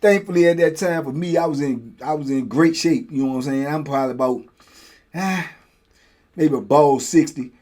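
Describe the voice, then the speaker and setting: A middle-aged man telling a prison story in casual talk. He acts out the guards and himself in loud high bursts and drops low and quiet for asides. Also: moderate pace. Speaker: storyteller host.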